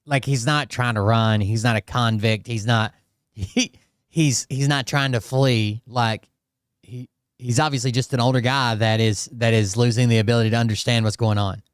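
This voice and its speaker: A man's voice: medium pitch, steady tone, normal speed, smooth, no room sound, studio quality. A man giving casual reaction commentary, blunt and profane, often restarting his sentences.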